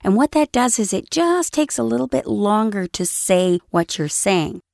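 A woman's voice: medium pitch, expressive, normal speed, vocal fry, darkish tone, dry recording. A woman voice-over coach giving a conversational lesson on voice acting, explaining her points with little acted examples into a studio microphone. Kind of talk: instructional talk on voice acting.

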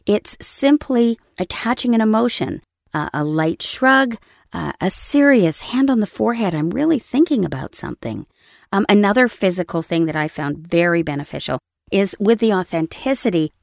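A woman's voice: medium pitch, lively intonation, moderate pace, no echo. A woman voice-over coach giving a conversational lesson on voice acting, explaining her points with little acted examples into a studio microphone. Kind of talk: instructional talk on voice acting.

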